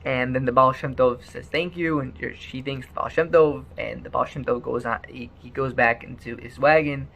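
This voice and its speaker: Male storyteller, animated, stammery restarts, gravelly tone. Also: medium pitch, normal speed, hardly any pauses. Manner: animated, repeats words often.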